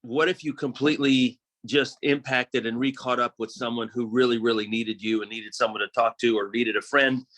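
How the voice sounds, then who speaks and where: A man's voice: mid-range voice, steady tone, moderate pace, few pauses, a bit bright, low-quality recording. A man in a group discussion, speaking up earnestly and using many fillers. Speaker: group member.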